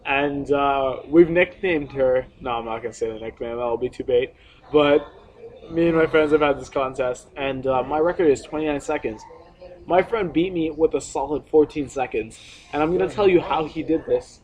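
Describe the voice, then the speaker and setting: A man's voice: fairly high pitch, normal speed, low-quality recording. Young man telling a crude, laughing story. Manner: profane, laughing, animated storyteller. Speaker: podcast host. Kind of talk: casual storytelling.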